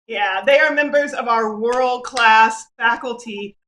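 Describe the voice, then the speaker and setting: A woman's voice: on the high side, measured pace, fairly bright tone, a little hiss or hum. A woman co-hosting an online celebration over a video call, exuberant and laughing. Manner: exuberant, laughing, hype chant calls. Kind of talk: lively casual livestream hosting.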